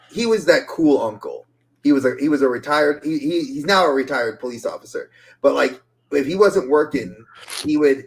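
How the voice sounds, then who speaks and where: A man co-hosting a podcast who grew up in New York, talking in a loose, animated way, laughing often and stammering through restarts. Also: medium pitch. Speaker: podcast co-host. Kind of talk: casual podcast chat.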